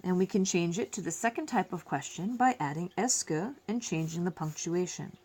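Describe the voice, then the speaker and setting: A woman teaching a French lesson, explaining slowly and repeating each phrase in both languages, with self-deprecating asides. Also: on the low side, darkish tone. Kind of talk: classroom lesson.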